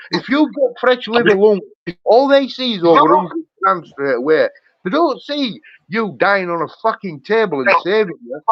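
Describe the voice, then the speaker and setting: A man's voice: high-pitched, dry recording, dull audio. A man on a live chat show, ranting profanely in a heated, fired-up casual talk.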